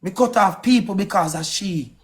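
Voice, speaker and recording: A man with a Jamaican accent delivering a heated, accusing rant on a live stream, firing off questions. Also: high voice. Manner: angry, accusing, rapid-fire questions.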